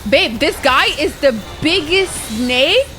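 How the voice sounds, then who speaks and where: A young woman streaming a game, chatting casually with her viewers, swearing freely and reacting excitably. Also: high-pitched, slow, over music. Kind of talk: casual live-stream chat.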